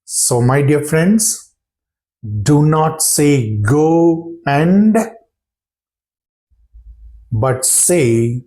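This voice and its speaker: A man teaches pronunciation at a very slow, careful pace, going over each example phrase several times. His voice has a mellow, darker tone. He keeps checking in with his listeners and encouraging them. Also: a little high, expressive. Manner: repeats phrases and checks understanding with "got it?". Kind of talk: slow, deliberate classroom explanation.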